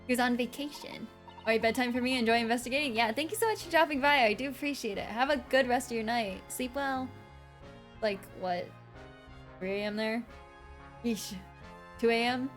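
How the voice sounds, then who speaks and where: A woman's voice: a little high, normal speed, long pauses, a bit bright, soft background music. A woman streamer chatting casually and joking with her chat between game lines.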